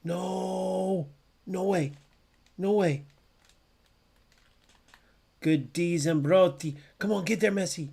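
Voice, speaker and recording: A young man streaming a football video game, reacting loudly to plays, swearing often and answering viewers in chat. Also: high-pitched, slow pace, pauses often, husky. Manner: chats with live viewers by name. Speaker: gaming streamer. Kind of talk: live gameplay commentary.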